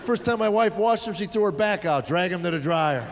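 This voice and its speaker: A middle-aged American stand-up comedian performs on a theater stage before a live audience, sharing exasperated, sardonic stories about raising his kids. His voice sits high and is expressive, a little fast, with a crowd audible behind him. It's a live stage recording with hall reverb.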